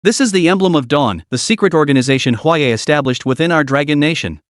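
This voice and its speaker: A man's voice: fairly high pitch, expressive, fast, no room sound, studio quality, lightly acted. Man voicing a relentless stern interrogator. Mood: pressing. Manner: pressing, rising questions.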